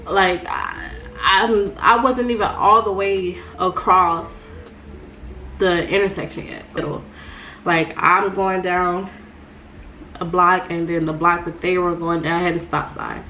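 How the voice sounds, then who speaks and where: Slow-talking woman telling a storytime vlog. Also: on the low side, soft background music. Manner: animated storytelling, addresses viewers as y'all. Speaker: vlogger.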